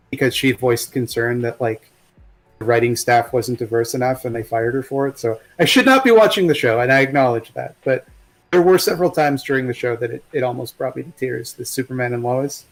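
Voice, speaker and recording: A man's voice: mid-range voice, a little fast, soft background music, rough recording. A man talking as a guest in a casual chat, rambling and swearing, with many restarts and fillers.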